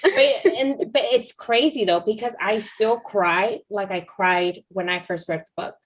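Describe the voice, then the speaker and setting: A woman's voice: mid-range voice, a little slow. A woman hosting a book podcast, asking questions and reacting briefly in a friendly way. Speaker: podcast host. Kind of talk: casual podcast interview.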